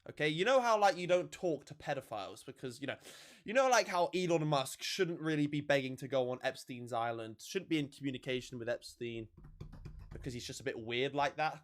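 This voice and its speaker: A man's voice: mid-range voice, expressive, brisk. A man hosting a casual livestream, talking to viewers in a sarcastic, swearing, offhand way. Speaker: livestream host.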